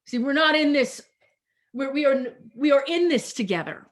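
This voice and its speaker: A woman pastor delivers a sermon over a video call in a high-sitting, animated voice. She is deliberate and repetitive, stretching out her key phrases for emphasis.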